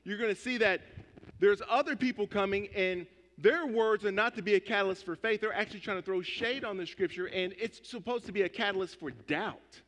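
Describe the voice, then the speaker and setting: A man's voice: high voice, fairly quick, fairly bright tone. A man preaching a sermon as pastor, speaking emphatically and conversationally, repeating his key points. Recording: long hall reverb.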